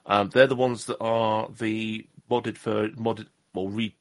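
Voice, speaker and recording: A man's voice: lowish voice, level tone, slow pace. A man from southwest England co-hosting a podcast, rambling and joking at his own expense in casual chat. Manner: jokey, rambling, self-deprecating. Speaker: podcast co-host.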